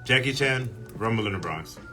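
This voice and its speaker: A man hosting a live signing stream in a casual, joking manner, playful and quick to put on silly voices. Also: on the low side, expressive, bright, forceful tone, faint music behind. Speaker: stream host.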